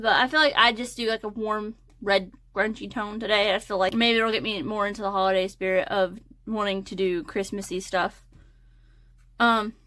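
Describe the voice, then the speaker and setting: A woman's voice: mid-range voice, a bit bright. A young woman talking in a casual, hesitant ramble full of fillers while getting ready. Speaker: crochet and design vlogger.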